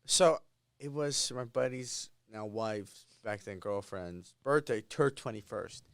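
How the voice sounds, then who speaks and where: A man's voice: lowish voice, slow, clear, resonant tone, dry recording, studio quality. A man in his thirties, a podcast guest, chatting casually and telling self-deprecating stories. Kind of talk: casual chat.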